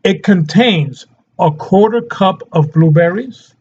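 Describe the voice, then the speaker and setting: Man, fairly high voice, chatty nutrition coach, laughs often, keeps asking "okay?", dull lo-fi recording. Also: slow pace, a little mellow, a little hiss or hum. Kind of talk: casual health talk to camera.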